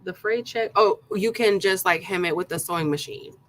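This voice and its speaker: A woman's voice: on the low side, normal speed, a little hiss or hum, low-quality recording. A woman hosting a live craft tutorial, chatting casually and greeting her viewers one by one by name, with plenty of ums along the way. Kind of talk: casual live-stream chat.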